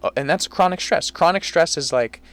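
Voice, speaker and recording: A young man co-hosting a podcast, casually telling an animated story full of swearing. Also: a little high, a little fast. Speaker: podcast co-host. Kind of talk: casual chat.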